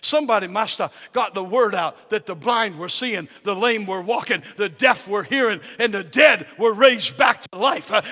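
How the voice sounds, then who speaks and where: A man preaching a sermon in a church, telling stories in folksy, casual phrasing and building from low, close talk to shouted peaks. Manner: swings from low intimate storytelling to shouted climaxes; folksy Southern-style phrasing with "ain't" and "y'all". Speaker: guest preacher. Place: church sanctuary. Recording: reverberant church hall.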